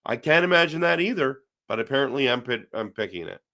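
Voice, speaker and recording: A man's voice: medium pitch, expressive, fast talker, sharp tone. A middle-aged man from Canada hosting a casual hockey live stream, reading viewer comments aloud and answering them in a chatty way.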